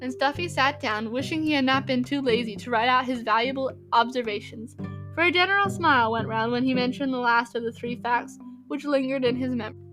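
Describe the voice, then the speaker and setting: A woman narrating a classic novel in a measured, expressive reading. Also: sits high. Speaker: audiobook narrator. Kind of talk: storybook reading. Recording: reading over music.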